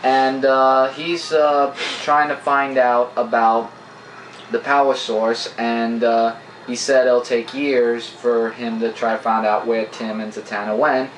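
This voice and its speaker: An eager man rambles through a plot recap, full of fillers, in a mid-pitched voice. He is recorded in a room that rings with echo, with a faint hiss underneath. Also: little pitch movement, slow pace. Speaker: comic book reviewer, co-host. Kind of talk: casual review chat, plot recap. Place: indoor room with a camera. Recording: echoey room.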